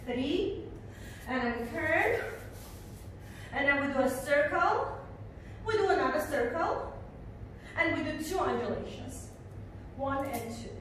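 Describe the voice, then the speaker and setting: A woman teaching a belly dance class online, counting steps aloud and singing rhythm syllables, recorded by a camera mic at a distance in a dance room. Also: sits high. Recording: echoey room, voice from far off, faint noise.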